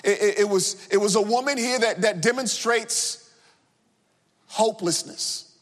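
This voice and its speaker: High-voiced man preaching in a reverberant space. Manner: earnest, deliberate, repeats words as he builds a point. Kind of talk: scripture reading and sermon. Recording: long reverb.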